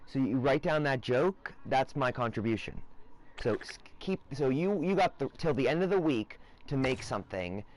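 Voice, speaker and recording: A man streams in a wandering, erratic monologue, hopping between half-finished thoughts. His voice sits at an ordinary middle pitch. He swings into loud, profane rants without warning. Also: animated, moderate pace. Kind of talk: rambling casual monologue.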